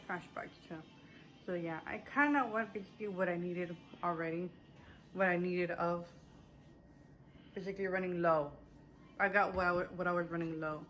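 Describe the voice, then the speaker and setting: A woman's voice: on the low side, steady tone, moderate pace, long pauses, fairly bright tone, a little hiss or hum. A woman chatting casually to her viewers, a little out of breath, rambling with lots of fillers and restarts. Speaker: vlogger. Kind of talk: casual haul chat to camera.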